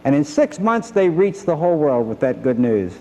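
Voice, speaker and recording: A man's voice: on the high side, big pitch swings, moderate pace, darkish tone, long reverb tail, dull audio. An older man teaching a Bible lesson, retelling the story and acting out the characters' lines.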